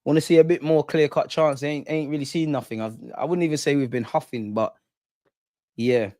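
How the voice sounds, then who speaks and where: A man's voice: fairly high pitch, steady tone, a little fast, warm tone, no echo. A young man hosting a live football watch-along, reacting passionately with slang, banter and frequent swearing. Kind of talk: live match reaction commentary.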